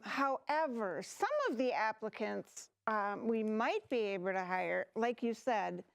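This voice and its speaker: A woman's voice: fairly high pitch, no echo. An improv performer in a TV studio playing a hesitant female office manager who fills her talk with ums. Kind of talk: improv comedy scene.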